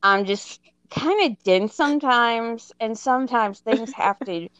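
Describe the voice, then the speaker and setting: A woman in her thirties, co-hosting a casual chat, telling a story in an animated, self-mocking way and laughing as she goes. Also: on the high side, a little slow, no room sound, dull audio. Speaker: podcast co-host.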